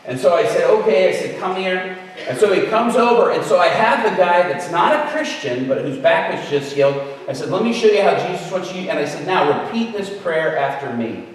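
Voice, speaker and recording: A man's voice: sits high, animated, a little fast. A man telling a story as a guest preacher, conversational and acting out the people he quotes. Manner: conversational, acts out quoted voices. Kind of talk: storytelling sermon. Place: large hall at a church camp event. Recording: echoey hall from far off.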